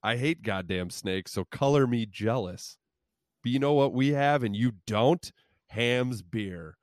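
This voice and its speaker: Slow, deadpan man reading a joke ad. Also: medium pitch, no echo, studio quality. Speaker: podcast host. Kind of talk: deadpan comic ad read.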